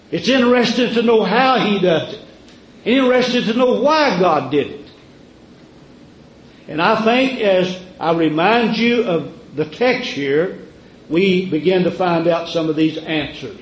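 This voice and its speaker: A man preaching a sermon in a drawn-out, emphatic way, asking rhetorical questions. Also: sits high, reverberant, dull audio, a little hiss or hum.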